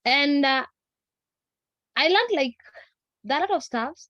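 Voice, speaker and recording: A woman's voice: high voice, lively intonation, measured pace, a bit bright, no echo, dull audio. A woman from the audience earnestly recapping points she learned. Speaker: audience participant. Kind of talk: casual recap.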